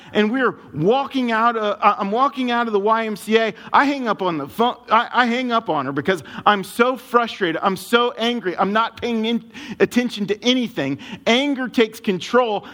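Male pastor, sermon, animated storyteller, slightly high voice. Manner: storytelling, animated, wears emotions openly.

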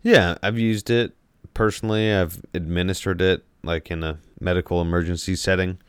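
A male podcast co-host with a very low, smooth voice rambles through a casual, jokey chat. He restarts his thoughts and leans on fillers. The sound is close and dry. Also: steady tone, normal speed, no echo.

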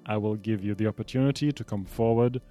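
A man's voice: fairly low pitch, fast talker, dark tone, soft background music, close to an everyday voice. A man voicing a solemn male giant who mediates a council in a tabletop game, speaking formally and with command. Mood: stern.

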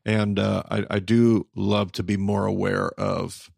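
A man's voice: lowish voice, little pitch movement, a little slow, vocal fry, darkish tone, no echo, studio quality. A man hosting a podcast, thinking aloud in a casual Bible study discussion, searching for words and restarting phrases. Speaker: podcast host.

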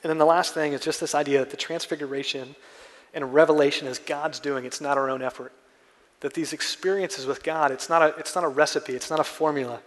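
Earnest pastor in an echoey church. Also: male voice, a little high, steady tone, fairly quick, a bit bright. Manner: conversational, earnest storytelling. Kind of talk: sermon.

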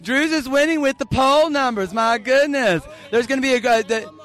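A man's voice: very high-pitched, moderate pace, a crowd in the background. A man hosting street interviews, flamboyant and teasing, calling everyone darling and baby. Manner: flamboyant, teasing, showers people with endearments. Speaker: festival interviewer.

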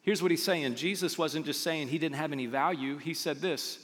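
A pastor with a fairly high voice delivers a lively, conversational sermon, slipping into small acted-out quotes as he tells stories. His words ring out with a long reverb, as if from a large church auditorium. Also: moderate pace, few pauses.

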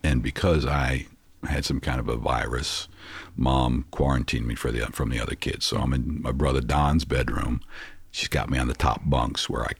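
Very deep, gravelly older man telling stories. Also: steady tone, moderate pace, no room sound. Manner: anecdotal, reflective storyteller. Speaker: guest. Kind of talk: casual interview storytelling.

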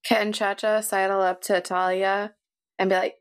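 A woman at a tabletop game table talks in a relaxed, playful way, joking as she describes what her character does. Her voice sits at an ordinary middle pitch. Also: moderate pace, smooth. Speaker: player. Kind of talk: casual tabletop game play.

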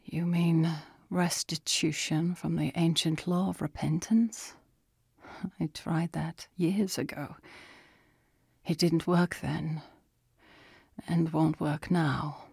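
A woman voicing a weary, remorseful man under a curse, speaking in a quiet, resigned whisper. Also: a little high, level tone, very slow, vocal fry, pauses often, breathy edge, no echo, studio quality, full character voice.

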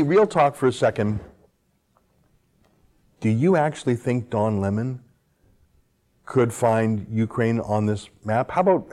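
With a medium-pitched, somewhat dark voice, this Canadian host gives an opinionated political monologue, peppering it with sarcasm and rhetorical questions.

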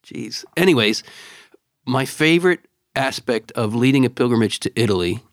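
A middle-aged man co-hosting a podcast, telling stories in an animated way and repeating words when excited. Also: mid-range voice, moderate pace, dry recording, clean studio sound. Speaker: podcast co-host. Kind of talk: casual chat and storytelling.

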